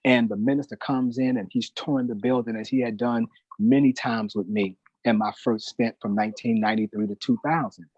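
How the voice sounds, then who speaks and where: A man's voice: medium pitch, fairly even intonation, brisk, darkish tone, no echo, lo-fi sound. A middle-aged man telling a personal testimony in an emphatic, preacher-like way, often calling the host brother. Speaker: guest, newspaper manager.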